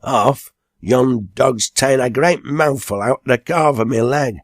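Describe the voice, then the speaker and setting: A man voicing an excitable young village lad with a broad Lancashire accent, talking raised and eager. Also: medium pitch, slow pace, no echo, clean studio sound, voice pushed up, lightly acted. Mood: excited.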